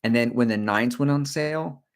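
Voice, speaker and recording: A man's voice: medium pitch, moderate pace, clear, resonant tone. A middle-aged man hosting a casual running livestream, rambling and jokey as he talks to his viewers. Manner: slips briefly into silly character voices. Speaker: running channel host.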